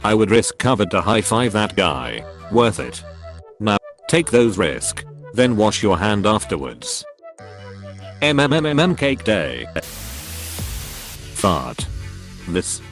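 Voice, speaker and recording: A man's synthetic voice reading forum posts aloud in a flat tone, misreading symbols and abbreviations. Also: on the low side, takes it slowly, pauses often, faint music behind. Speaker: narrator reading online posts.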